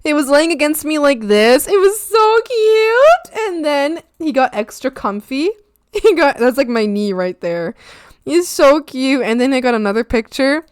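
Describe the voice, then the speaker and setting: A woman's voice: high-pitched, lively intonation, moderate pace, clean tone, no echo, clean studio sound. A young woman chatting casually on her art stream, gushing and giggly, sliding into baby talk. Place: home streaming setup.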